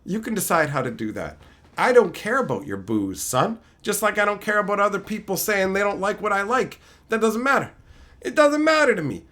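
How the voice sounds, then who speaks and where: A man's voice: sits high, big pitch swings, a little fast, sharp tone. A man streaming live, ranting casually with lots of swearing, mocking jabs and laughter. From Canada.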